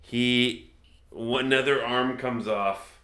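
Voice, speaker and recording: A man narrating a tabletop game as game master, chatty, laughing easily and slowing down for dramatic moments. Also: medium pitch, steady tone, bright, forceful tone.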